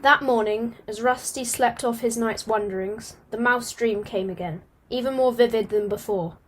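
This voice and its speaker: A woman reading a storybook aloud at a steady pace, now and then stumbling and starting a phrase again. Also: a little high, normal speed. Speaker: audiobook reader.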